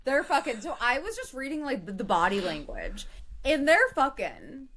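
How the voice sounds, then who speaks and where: Guest, woman, slightly high voice, eager gossip, cusses casually. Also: normal speed, slight background noise. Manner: eager, excitable, swears freely. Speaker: pop culture guest. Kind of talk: casual chat.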